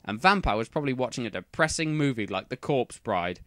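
A man reading fan fiction aloud for comedy, dropping deadpan sarcastic asides. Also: medium pitch, brisk, no echo, studio quality.

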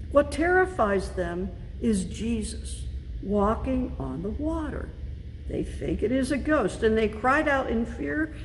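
A woman pastor preaching a sermon in a church, measured and deliberate, leaning on key words for emphasis. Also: on the high side, a little mellow. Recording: long reverb with faint background noise.

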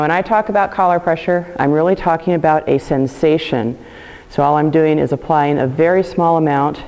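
A woman dog trainer calmly explaining a training method and praising her dog during a demonstration. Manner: calm explaining, praising the dog in high bursts. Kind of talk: instructional demonstration. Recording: long hall reverb.

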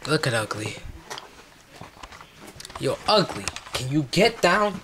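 A woman's voice: deep voice, big pitch swings, slow pace, long pauses, background noise. A woman vlogging at home, scolding and swearing in mock threats. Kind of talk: casual home video vlog.

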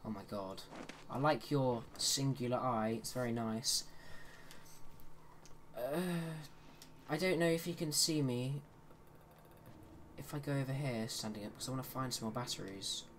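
A man talking through a horror game as he plays it, in a casual, chatty commentary voice. He cracks jokes between moments of tension, and his voice sits at an ordinary middle pitch. A faint hiss runs under the recording. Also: a little slow, pauses often, fairly bright tone. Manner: chatty, joking asides while playing. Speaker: let's play host.

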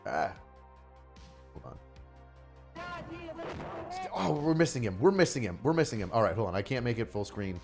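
A man's voice: fairly low pitch, sing-song, normal speed, creaky, long pauses, music in the background. A man giving profane, mocking live-stream commentary on a news video, often bursting into laughter.

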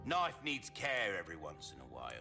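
An actor playing a sly hooded merchant who talks with slow, theatrical salesman's patter, his gravelly voice broken by a breathy cackle. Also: sits low, huge pitch swings, sharp tone, full character voice. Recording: video game audio over game music.

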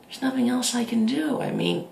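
A man voicing a whiny, awkward, lonely teenage boy who talks haltingly and repeats himself. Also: very high-pitched, animated, vocal fry, darkish tone, reverberant, pitched above the performer's own voice, exaggerated voice.

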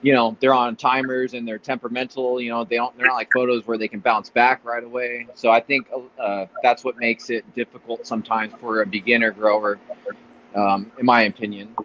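A man's voice: mid-range voice, flat delivery, a bit bright. Man, mid voice, thoughtful, hesitant, dull audio with faint hiss. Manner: measured, hesitant with fillers. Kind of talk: casual chat.

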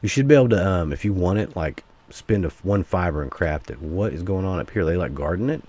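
A man from the US giving casual, rambling gameplay commentary as a gaming YouTuber, swinging between excitement and grumbling. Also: deep voice, brisk, breathy edge.

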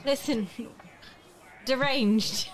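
High-voiced blunt woman player. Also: very slow, slight background noise. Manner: blunt, swears a lot. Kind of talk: casual banter at a tabletop game.

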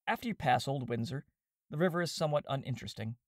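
A man narrating a classic comic novel in a steady, wry storytelling manner, voicing the characters as he goes. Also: mid-range voice, quick pace, dry recording, studio quality. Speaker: audiobook reader and podcast host.

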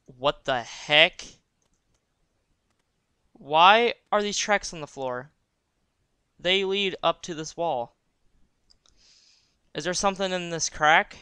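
A man's voice: on the high side, takes it slowly, long pauses, pushed and bright, clear, resonant tone, no room sound. A young man giving casual gameplay commentary, joking and thinking aloud as he reads the game text. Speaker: let's play gamer.

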